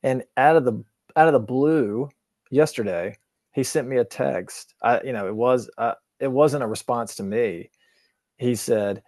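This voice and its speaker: A man's voice: medium pitch, unhurried, darkish tone, no room sound. Vet guy in his 30s on a radio show, easygoing and jokey, plain mid voice, dry close mic. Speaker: veterinarian co-host. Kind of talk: casual chat.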